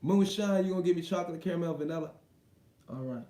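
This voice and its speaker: Male livestream host, raised pitch, dark mellow tone; slangy, profane, reacts fast to chat in an echoey room. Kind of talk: casual livestream chat, reading viewer comments aloud.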